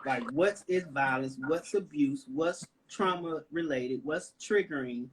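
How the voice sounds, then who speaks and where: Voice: mid-range voice, a little slow, very noisy. A panelist with a Southern US accent speaks with emphasis in a panel discussion, often asking "right?" and "you know?". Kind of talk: impassioned panel talk.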